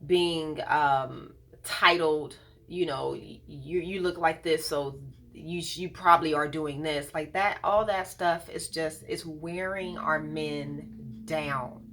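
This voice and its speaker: An earnest woman with a slightly low voice gives a heartfelt talk to camera about her wellness practice. She speaks in a thoughtful, personal way and often stops to gather her words with an "um". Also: steady tone, a bit bright, slight background noise. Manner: earnest, thoughtful, pauses with frequent ums. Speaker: iridologist and colon hydrotherapist.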